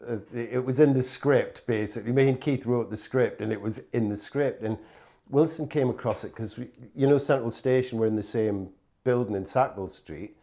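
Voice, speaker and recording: A man's voice: mid-range voice, normal speed, warm tone. A middle-aged man tells stories in a loose, casual way. He rambles through fillers and restarts, swears freely and slips into acted-out quotes. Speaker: guest telling stories. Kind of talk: casual anecdotal storytelling.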